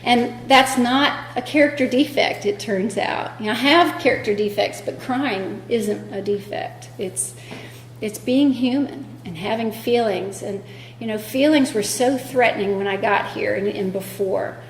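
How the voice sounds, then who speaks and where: Woman, recovery talk, candid and self-deprecating, slightly high voice, echoey room, faint hum. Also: measured pace. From North Carolina. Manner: candid, self-deprecating storytelling with quoted dialogue. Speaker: AA speaker.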